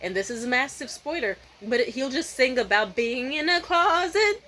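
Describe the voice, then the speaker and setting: A young woman vlogging at home at night, telling a story in a profane, animated rant and mimicking other people's voices. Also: high voice, moderate pace, slight background noise, poor audio. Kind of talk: casual vlog rant.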